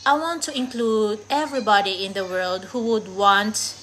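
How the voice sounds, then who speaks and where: A woman's voice: mid-range voice, normal speed, a bit bright, a little hiss or hum, rough recording. A woman from the Philippines with a Filipino accent mixed with American, British and Australian traces, a vlogger talking candidly and rambling, laughing often. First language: Tagalog. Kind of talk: casual talk to camera.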